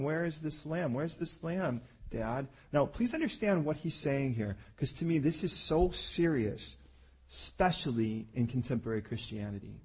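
A man's voice: fairly high pitch, darkish tone, husky. A middle-aged man, a pastor, preaching a sermon in a conversational, emphatic way.

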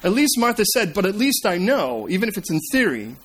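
A man preaching a sermon, retelling scripture as a story and swinging between emphatic and hushed delivery. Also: high-pitched, very animated, fairly quick, breathy edge. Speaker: pastor.

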